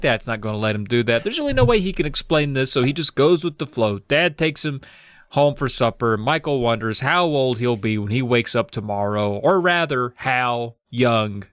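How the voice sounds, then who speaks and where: A man's voice: medium pitch, lively intonation, normal speed, a bit bright. A man casually recapping a book on a podcast, laid-back with frequent fillers. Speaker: podcast co-host.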